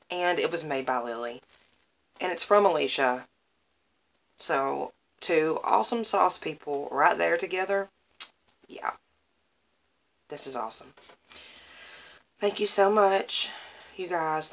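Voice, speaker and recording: Unwrapping craft mail on camera, this woman gushes excitedly about each item, repeating the same praise words in an easy, chatty way. Her voice is low and unhurried with vocal fry and frequent pauses, and the audio is poor.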